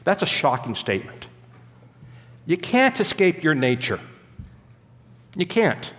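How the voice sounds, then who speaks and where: A man's voice: a little high, very animated, slow, fairly bright tone, big-room sound. A man preaching an expository sermon as a pastor, teaching in an emphatic way and stopping to explain the grammar of the Greek text.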